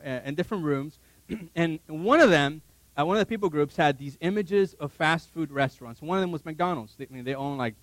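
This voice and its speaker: A male preacher tells a story in a sermon, his voice sitting high for a man. He laughs often and acts out his own reactions as he goes. The sound is dry and close to the mic. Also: a bit bright, no echo. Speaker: pastor.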